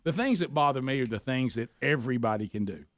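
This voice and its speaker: A man's voice: fast, dry recording. A man co-hosting a radio talk show, who also coaches lacrosse, chatting casually and acting out quoted exchanges with big jumps in his voice. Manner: animated, acts out quoted exchanges with leaps in pitch. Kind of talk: casual storytelling chat.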